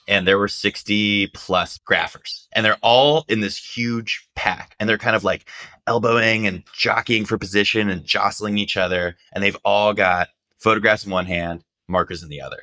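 A man's voice: lowish voice, moderate pace. A man, a journalist guest, telling a story casually and animatedly, with lots of "like". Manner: animated, acts out quotes, lots of "like".

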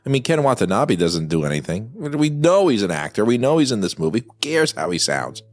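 A man's voice: on the low side, very animated, a little fast. A man co-hosting a movie watchalong, joking crudely and laughing a lot. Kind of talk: casual chat over a film.

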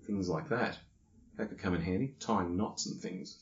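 A laconic Australian man with a low voice chats casually as a podcast co-host. He sounds relaxed and unhurried. The lo-fi recording is echoey and dull. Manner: relaxed, laconic, laughs easily. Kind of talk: casual chat. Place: hotel room.

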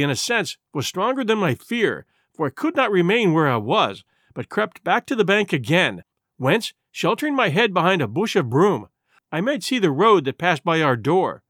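Male audiobook narrator, high lively voice, dramatic reading, dry close sound. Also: no room sound. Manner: dramatic, expressive storytelling.

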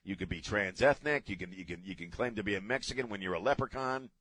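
A middle-aged American man hosts a talk radio show from a studio, delivering a sarcastic, ranting, opinionated monologue and swearing casually. His voice is lowish, a bit bright, and fast, with no room sound on the studio broadcast mic.

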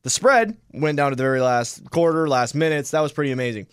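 Man, co-host, casual sports chat, emphatic, addresses listeners, slightly high voice, dry studio sound. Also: expressive, fast talker, clear, resonant tone, no room sound. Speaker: radio show co-host.

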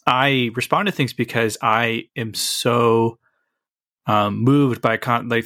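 A man co-hosting a podcast in casual chat, thoughtful, with many fillers, slowing down to make a point. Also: medium pitch, creaky, a bit bright, no echo, clean studio sound. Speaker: podcast co-host.

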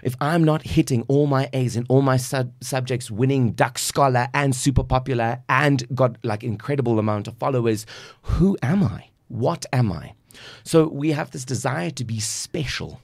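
A South African life coach, guesting on a casual podcast, speaks emphatically and preachily, acting out little quotes. His medium-pitched voice has vocal fry and a moderate pace with hardly any pauses, in a dry, clean studio recording.

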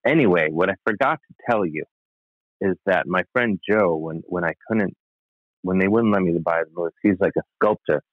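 In a voice that sits low and moves at normal speed, an American podcast guest recounts a wry personal tale, drifting into asides. The sound is thin, phone-like and dry, without echo.

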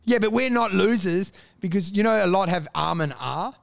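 A young man, talking with a raised pitch and a gravelly, crackly edge. He rambles through crude, sweary stories in easygoing chat. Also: moderate pace. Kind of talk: casual chat.

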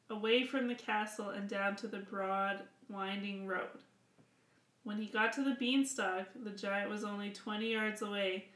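A woman's voice: mid-range voice, a bit bright, echoey room, low-quality recording. Woman reading a fairy tale aloud. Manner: laughs often, measured narration. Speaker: storyteller and podcast host.

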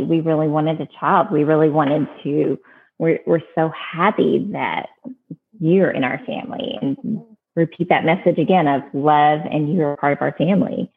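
A woman with a low, husky voice appears as a guest giving adoption advice. She talks casually, earnest and plainspoken, and often restarts her sentences. The recording has a narrow, phone-like band.

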